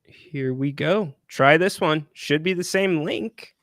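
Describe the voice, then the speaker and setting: A man's voice: fairly high pitch, takes it slowly, a bit bright, dry recording, studio quality. A man co-hosting a sports call-in show, upbeat and jokey as he runs the phones. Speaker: radio co-host.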